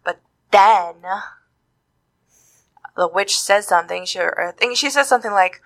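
A young woman co-hosting a podcast, casually recapping a cartoon, animated and swearing freely as she acts out the characters' lines. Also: fairly low pitch, moderate pace. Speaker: podcast co-host.

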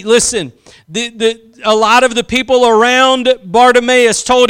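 Man, preacher, sermon, impassioned, bright, smooth voice. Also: very high-pitched, steady tone. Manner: impassioned, drawn-out emphatic phrases, acts out quotes.

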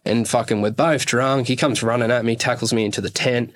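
A man's voice: mid-range voice, fairly even intonation, fairly quick. Man telling a story, swearing. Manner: profane, rambling, fillers like "rah, rah". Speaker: podcast guest, musician. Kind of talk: casual storytelling.

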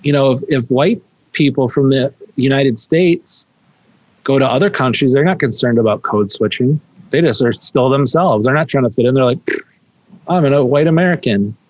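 A man hosting a conversational interview, probing and animated when he makes a point. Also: mid-range voice, moderate pace, rough recording.

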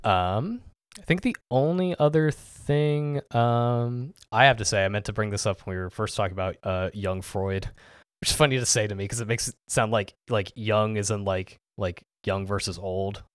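A man's voice: fairly low pitch, moderate pace, clear, resonant tone, no echo, studio quality. A man co-hosting a podcast in casual chat, rambling with lots of "like" and "um". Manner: rambling, full of "like" and "um". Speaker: podcast co-host.

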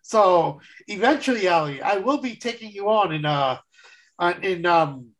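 A man's voice: high-pitched, expressive, moderate pace, fairly bright tone, rough recording. Rambling male podcast co-host. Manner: rambling, restarts sentences, laughs often. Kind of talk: casual chat.

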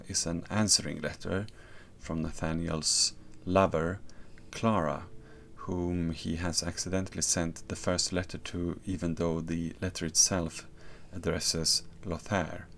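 A very deep-voiced man with a gravelly, fry-laden tone talks through an analysis. He is thoughtful and hesitant, often pausing to search for words. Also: level tone, a bit bright, slight background noise. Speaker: podcast host. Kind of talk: analytical commentary.

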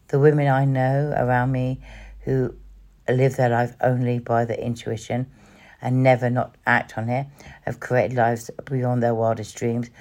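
A woman hosting a podcast, telling her personal story in an emotional, halting way with many restarts. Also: extremely low pitch, a little mellow. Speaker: podcast host.

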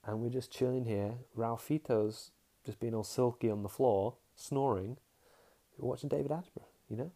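A man's voice: mid-range voice, steady tone, normal speed, dark tone. A young man hosting a casual podcast monologue, rambling frankly, trailing off and restarting his sentences. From England. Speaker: podcast host.

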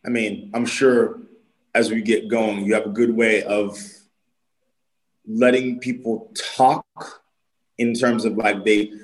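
A man's voice: fairly low pitch, little pitch movement, slow, long pauses, poor audio. A man from Boston, a gym coach, chatting easily and talkatively as a podcast guest. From Boston, USA. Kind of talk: casual interview chat.

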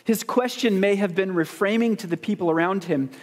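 Male pastor, sermon, high voice, easy joking delivery, rhetorical questions, long hall reverb. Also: fairly quick. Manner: conversational, joking, asks the congregation questions.

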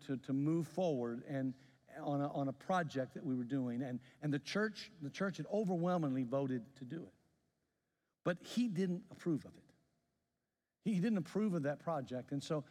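Storytelling pastor with a stammer-prone delivery. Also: male voice, fairly high pitch, a little mellow, in a large hall. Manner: storytelling with repeated stammered restarts. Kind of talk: sermon.

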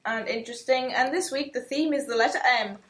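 A woman's voice: high-pitched, a little fast, a bit bright. A young woman co-hosting a podcast in casual, giggly chat. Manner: giggly, easygoing. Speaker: podcast co-host. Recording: roomy echo.

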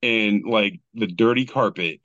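A man's voice: on the low side, a little slow, fairly bright tone, no echo, muffled recording. A man hosting a casual podcast, reading memes aloud in a loose, joking way and swearing freely. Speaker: podcast host.

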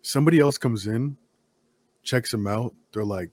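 Husky young man, rambling story. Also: medium pitch, normal speed, a little mellow. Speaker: podcast co-host. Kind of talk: casual chat.

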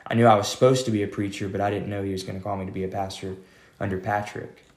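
A man talks in a rambling, easygoing way, full of fillers, restarts and "man." He is an associate pastor telling his story in a casual interview. His voice sits low, and the room gives it a noticeable echo. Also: little pitch movement, fast. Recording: echoey room.

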